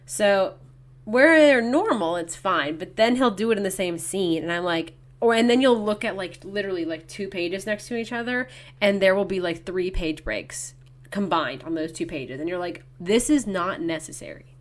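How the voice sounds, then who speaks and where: A woman co-hosting a book podcast in casual chat, quickly quoting characters' lines as she talks. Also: medium pitch, expressive. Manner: chatty, acts out characters' lines in quotes. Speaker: podcast co-host.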